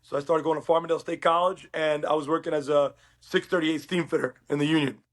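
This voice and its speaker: A middle-aged man from Uruguay, a podcast guest, telling his story in a casual, animated way and acting out quoted dialogue. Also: on the high side, fast.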